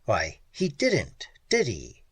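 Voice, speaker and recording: A blunt, practical male explorer with dry humor, read by a man in his own voice. Slow, husky delivery over a close, dry sound. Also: mid-range voice, huge pitch swings, no room sound, exaggerated voice. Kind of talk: audiobook character reading.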